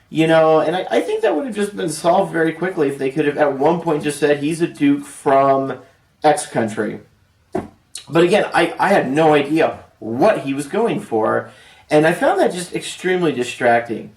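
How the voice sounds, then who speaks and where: A man giving a casual, rambling spoken movie review, full of fillers and restarts. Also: on the high side. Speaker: film reviewer. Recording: roomy echo, distant from mic.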